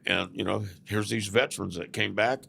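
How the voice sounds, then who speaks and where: A man's voice: on the low side, fairly even intonation, normal speed, vocal fry, bright, forceful tone, slight background noise. An older man from Southern California, a podcast guest who tells rambling stories and keeps saying "man". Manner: rambling storyteller, often says "man". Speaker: podcast guest, former biker club president. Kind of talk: casual storytelling interview.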